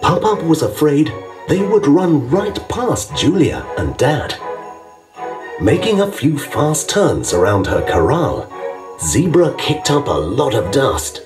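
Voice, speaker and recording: Male narrator for a children's storybook app, very lively pitch, slow, distant with music. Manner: expressive, measured storytelling.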